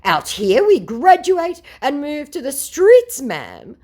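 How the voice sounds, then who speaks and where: A woman's voice: sits high, slow pace, voice pushed up, exaggerated voice. A woman doing a fawning fake-celebrity scammer. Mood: pleading. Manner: gushing, flattering, broken English. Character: smarmy male online scammer posing as a celebrity.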